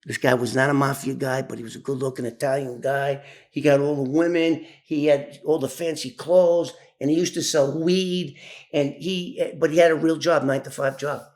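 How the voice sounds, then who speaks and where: A man's voice: medium pitch, fairly even intonation, moderate pace, a little mellow. Profane New man spinning a story. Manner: profane, rambling, with many restarts and asides. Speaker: former informant telling his story. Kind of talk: casual storytelling.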